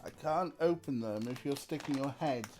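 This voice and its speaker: A man's voice: mid-range voice, moderate pace, darkish tone, soft background music. A man streaming a narrative game, chatting casually and rambling between asides. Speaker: let's play streamer. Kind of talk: casual gameplay commentary.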